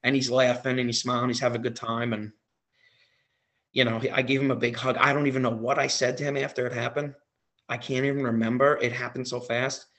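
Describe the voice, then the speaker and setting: A man, a wrestling impersonator on as a guest, telling a story in an excited casual way with many fillers and repeats. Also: medium pitch, a little fast.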